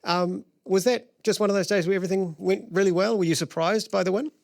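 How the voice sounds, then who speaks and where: A man's voice: sits high, steady tone, fast, creaky, a little mellow, no echo. Man, New Zealand accent, live show host, teasing, chatty, dry sound. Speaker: podcast host.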